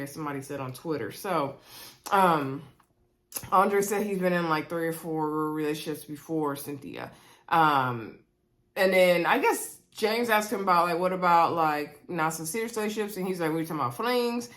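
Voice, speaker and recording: A woman casually recapping a reality dating show, chatty and animated, quoting the cast and talking straight to her viewers. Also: low voice. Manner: chatty, animated, retelling scenes with quoted voices; addresses viewers directly. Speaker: reality TV reviewer.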